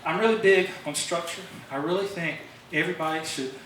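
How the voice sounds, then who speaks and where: A man's voice: a little high, a little fast, fairly bright tone. A man giving an informal songwriting talk at a club meeting, rambling with fillers and restarts, recorded from a distance in a meeting room. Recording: very echoey room, distant mic, faint hiss.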